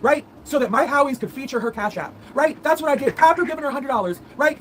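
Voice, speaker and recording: Fast-talking woman ranting with insults. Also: high voice. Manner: insulting, repetitive, theatrical. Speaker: guest commentator. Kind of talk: heated rant.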